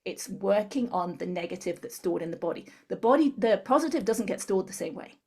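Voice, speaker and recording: Interview guest, woman, husky mid voice, patient instructor explaining method. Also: medium pitch, fairly quick. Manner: calm step-by-step instructor. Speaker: guest, tapping therapy practitioner.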